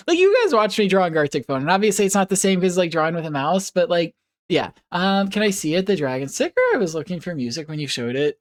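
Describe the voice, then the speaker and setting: A woman streamer chatting casually with her viewers, rambling and giggling, with playful puppy noises. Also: medium pitch.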